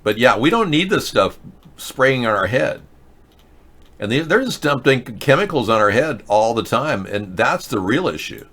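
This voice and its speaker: A man's voice: medium pitch, sing-song, normal speed, fairly bright tone. A man hosting a show, ranting sarcastically in casual political commentary. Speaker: host.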